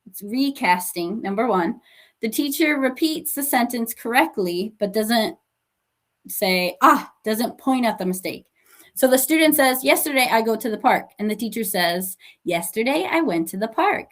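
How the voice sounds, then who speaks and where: Upbeat woman presenting a teacher webinar. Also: fairly high pitch. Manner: friendly and encouraging, with frequent fillers; acts out teacher and student lines. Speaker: teacher trainer.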